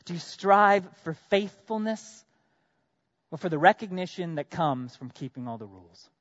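A man preaching a sermon as pastor, earnest, asking his congregation direct questions, swinging from loud emphatic bursts to quiet drops. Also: high-pitched, expressive, normal speed, no room sound, lo-fi sound.

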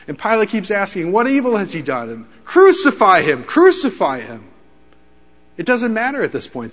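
Animated male preacher in a reverberant hall. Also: a little high, highs cut off. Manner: animated storytelling, voices quotes with rising intensity. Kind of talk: sermon.

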